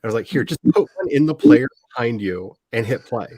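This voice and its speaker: A man in his forties hosting a casual chat, telling animated stories, laughing often and acting out quotes. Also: medium pitch, a little fast, no room sound. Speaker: host.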